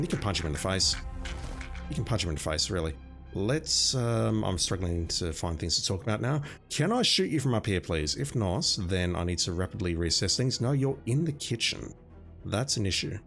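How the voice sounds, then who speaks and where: A low-sitting, slightly bright male voice with vocal fry belongs to an Australian streamer. While playing a game he talks casually and at length, self-deprecating and addressing chat members by name.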